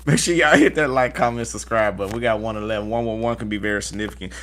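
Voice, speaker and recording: A man's voice: fairly low pitch, fast, fairly bright tone. A man with a Southern US accent giving a casual tarot reading to his viewers and repeating affirmations in a chanting way. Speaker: tarot reader.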